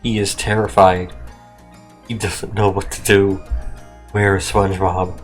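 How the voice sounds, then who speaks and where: A man narrates a text-adventure game with a comedic edge, breaking into wry, joking asides and laughs. His voice sits a little low, and quiet music plays behind him. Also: little pitch movement, unhurried. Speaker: gaming video host.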